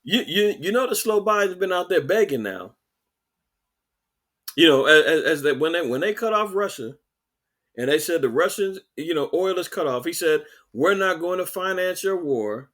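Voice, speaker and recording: Animated man ranting sarcastically. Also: fairly high pitch, normal speed. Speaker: podcast host. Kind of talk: ranting political commentary.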